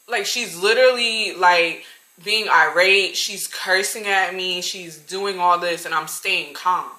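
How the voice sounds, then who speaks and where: A woman in her twenties telling a storytime vlog, slangy and animated, talking straight to her viewers. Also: lowish voice, measured pace, echoey room, poor audio. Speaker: vlogger.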